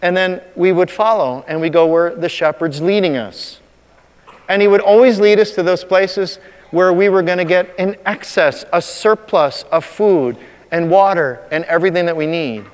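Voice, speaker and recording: A man preaching a sermon as a pastor, talking conversationally and slowing down to stress key points. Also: sits high, smooth, big-room sound. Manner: conversational preaching, slows for emphasis.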